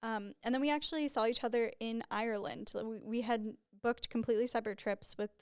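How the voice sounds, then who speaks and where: A woman's voice: fairly high pitch, fairly even intonation, brisk, smooth, no echo, studio quality. A young woman hosting her own podcast, talking candidly and casually, full of "like" fillers. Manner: chatty and candid, with frequent "like" fillers and laughs. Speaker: podcast host. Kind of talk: casual solo podcast monologue.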